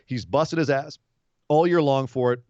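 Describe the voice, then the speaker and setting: A man's voice: medium pitch, normal speed, darkish tone, no echo, dull audio. A man co-hosting a wrestling podcast, sarcastic and profane, slipping into mocking impressions as he recaps. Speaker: podcast co-host. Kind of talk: casual wrestling podcast chat. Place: home studio in Los Angeles.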